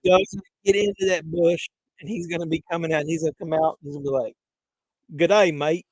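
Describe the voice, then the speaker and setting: A man's voice: fairly high pitch, rapid-fire, dry recording. A man hosting a live chat stream, teasing viewers with crude jokes and laughing at his own punchlines. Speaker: livestream host.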